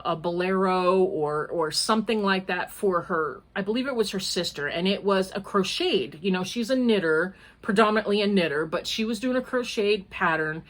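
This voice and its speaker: An older woman, a grandmother, hosts a casual crochet vlog, chatting and rambling with frequent laughter. Her voice is medium-pitched with a fairly bright tone.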